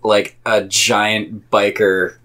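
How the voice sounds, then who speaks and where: A man's voice: fairly low pitch, little pitch movement, very slow, pushed and bright. A man co-hosting a casual podcast chat, telling rambling stories full of "like". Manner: rambling storyteller, lots of "like". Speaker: podcast co-host.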